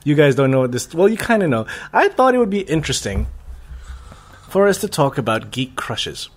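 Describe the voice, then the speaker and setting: Animated young man, wide swings. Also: a little high, a little fast, a little hiss or hum. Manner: animated, laughs often, swears. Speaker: podcast host. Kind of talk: casual chat.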